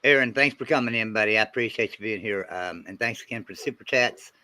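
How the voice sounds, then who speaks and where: A bright, forward-sounding man hosting a laid-back sports chat. He thinks aloud in an easy, relaxed way and thanks viewers as he goes. His voice sounds dry and close, with no room echo. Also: lowish voice, fast. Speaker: show host reading super chats.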